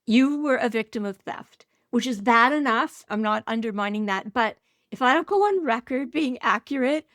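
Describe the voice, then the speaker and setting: A woman co-host chats on a podcast, speaking precisely and taking care with exact wording. Her voice sits a little high. She is recorded close and dry. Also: lively intonation, moderate pace, a bit bright, no echo. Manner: precise, corrects word use. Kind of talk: casual podcast chat.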